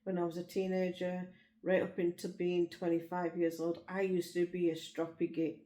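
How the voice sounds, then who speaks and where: A woman's voice: fairly low pitch, monotone, normal speed, dark tone. A woman from Liverpool with a Liverpool accent, telling frank, rambling stories about her life in casual chat. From Liverpool, England. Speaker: vlogger. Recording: roomy echo.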